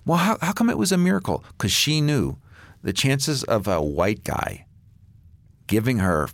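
A man's voice: a little slow, gravelly, dry recording. A middle-aged man, a guest author, telling a story with acted-out dialogue in a Christian talk show interview. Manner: animated storyteller, acts out dialogue with big pitch swings.

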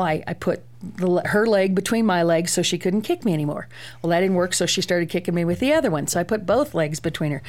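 A middle-aged woman, a guest parent, telling lively stories about raising her daughter on a talk show. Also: on the low side. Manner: lively anecdotal telling with fillers.

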